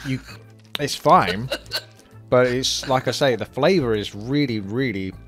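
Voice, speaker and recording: A man with an Essex accent talks through a snack tasting in a relaxed, enthusiastic way. His voice sits in a middle pitch and he laughs often. Faint music plays under him. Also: takes it slowly. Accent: Essex English. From Essex, England. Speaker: YouTuber tasting sweets. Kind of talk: casual tasting chat.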